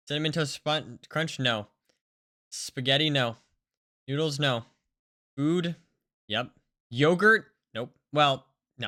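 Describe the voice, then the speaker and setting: Female streamer, casual chat with viewers, bright sharp voice, animated and up-and-down. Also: deep voice, a little slow, long pauses. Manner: animated, reads chat aloud, big swings between hyped and mumbly. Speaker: livestreamer.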